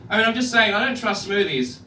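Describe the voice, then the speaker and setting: Animated comedian on a club stage. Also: male voice, sits high, fast talker, heavy background noise. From Australia. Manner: animated storytelling, acts out other people's lines. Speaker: stand-up comedian. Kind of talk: stand-up comedy set. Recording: echoey club room from far off, audience laughter.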